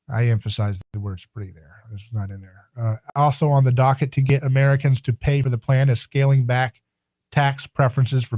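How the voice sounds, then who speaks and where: A man's voice: medium pitch, darkish tone, no room sound. A man hosting a talk radio show, delivering an opinionated monologue with sarcastic, rhetorical asides.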